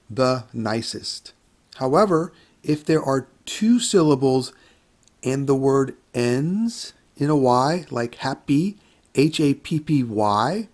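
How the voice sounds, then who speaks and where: A man teaching an English grammar lesson to learners, speaking deliberately and repeating words for them to hear. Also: a little high, darkish tone. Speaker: English instructor.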